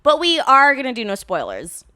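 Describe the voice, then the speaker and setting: A woman's voice: high-pitched, wildly swooping pitch, normal speed, sharp tone. Giggly woman podcast co-host. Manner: playful, giggly, bantering. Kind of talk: casual chat.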